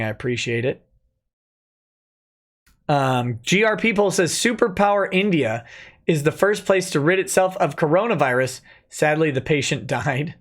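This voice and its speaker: A man hosting a late-night livestream in a fairly high voice, reading out viewer messages one after another. He answers them with wry, offhand asides in casual talk at a desk mic. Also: a bit bright. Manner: wry, offhand reactions between read-out messages. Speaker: livestream host.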